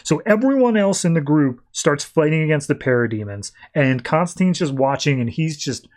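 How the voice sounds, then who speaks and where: A man with a somewhat high voice talks through a comic book plot in a relaxed podcast chat. His retelling is loose and conversational, with easy fillers, and he lifts his pitch whenever he mimics what a character says. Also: normal speed. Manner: loose conversational retelling, acting out quotes in a raised voice. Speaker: podcast host. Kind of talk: casual comic book recap.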